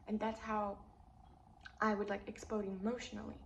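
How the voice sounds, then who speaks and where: A young woman telling an emotional personal story in a rambling way, full of "like", and her voice jumps up high when she vents. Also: little pitch movement, normal speed, vocal fry. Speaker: vlogger. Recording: echoey room with faint hiss.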